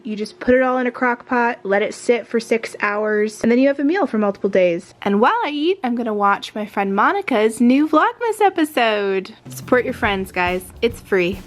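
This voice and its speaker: An American woman hosting her own vlog, chatting casually with friendly asides to viewers. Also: mid-range voice. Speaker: vlogger host.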